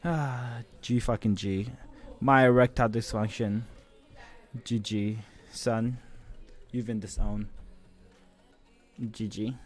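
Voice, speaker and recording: A man casually commentating an esports match on his live stream, joking and swearing, with bursts of excited shouting. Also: lowish voice, slow, pauses often, faint music behind.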